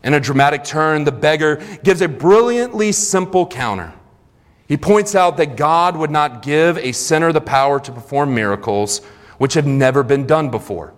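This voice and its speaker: A man's voice: fairly high pitch, animated, normal speed. A man preaching a sermon in a church sanctuary, retelling scripture earnestly with conversational asides. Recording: long reverb of a large hall.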